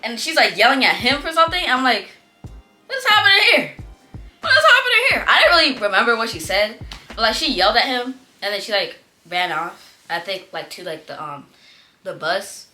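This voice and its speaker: A young woman casually telling a story, chatty and animated, acting out what classmates said in playful voices. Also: mid-range voice, a little fast. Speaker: vlogger. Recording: faint background music.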